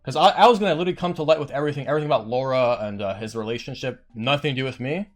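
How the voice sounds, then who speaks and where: A man's voice: mid-range voice, rapid-fire, soft background music. A man streamer telling a heated, rambling story on his stream, swearing often.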